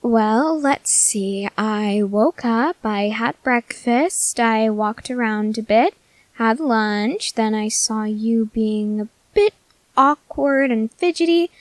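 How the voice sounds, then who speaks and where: A woman's voice: fairly high pitch, slow, no echo. A woman voicing a food-obsessed teenage soldier girl in an ASMR audio drama, whiny and melodramatic. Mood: chatty. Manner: whiny, melodramatic, easily sidetracked.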